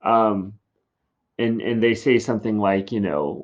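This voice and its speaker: A man's voice: lowish voice, fairly even intonation, moderate pace, muffled recording. A man teaching in a casual classroom style, chatty and full of fillers as he explains a play.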